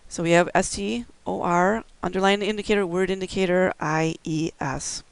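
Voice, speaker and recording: A man's voice: sits high, steady tone, normal speed, gravelly, smooth, dry recording, poor audio. A man giving a recorded instructional lecture, explaining things step by step with occasional fillers. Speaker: braille instructor.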